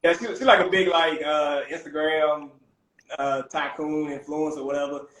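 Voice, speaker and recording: A young man, a private chef, casually telling animated stories as a podcast guest. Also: on the high side, moderate pace, over a noisy crowd. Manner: animated, peppers talk with "man" and "bro". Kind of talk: casual storytelling. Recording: roomy echo.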